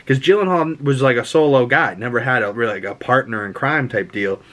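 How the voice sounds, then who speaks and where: A man talks straight to his viewers in a loose, unscripted movie review. His voice sits at an ordinary middle pitch. He rambles, swears freely, and leans on fillers as his excitement spills over. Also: fairly quick. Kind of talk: casual vlog film review.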